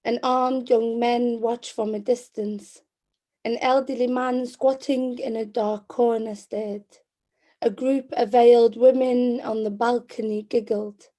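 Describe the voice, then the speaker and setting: A woman in her twenties with a Scouse accent, a poet reciting spoken word poetry in a measured, rhythmic way. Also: fairly high pitch, flat delivery, dark tone. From Liverpool, England.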